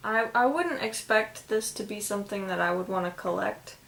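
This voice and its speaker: A woman's voice: mid-range voice, normal speed, gravelly, a bit bright, reverberant. A woman co-hosting a casual chat, mostly giving brief agreeing replies. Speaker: co-host.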